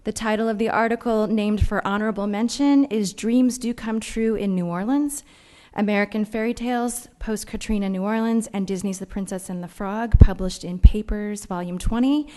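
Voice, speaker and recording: A woman's voice: mid-range voice, steady tone, dark tone. A woman announcing essay award winners at a banquet, reading the committee's remarks. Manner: measured, formal reading. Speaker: award presenter. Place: banquet hall.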